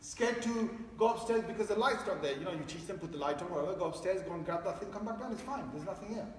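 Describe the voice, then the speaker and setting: A man teaching parents in a casual, chatty way, repeating his phrases and acting out family scenes. His voice sits high for a man and rings through a big echoey hall. He is heard from a distance with a faint hiss behind him. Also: quick pace. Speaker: Islamic teacher. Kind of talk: informal religious talk to parents.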